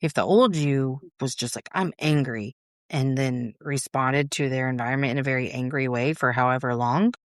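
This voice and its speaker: A woman's voice: extremely low pitch, steady tone, moderate pace, hardly any pauses, dry recording. Woman hosting a solo podcast, casual and blunt, drops f-bombs, super dry close mic sound. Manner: casual and frank, swears freely; acts out her inner voice in quotes. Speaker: podcast host.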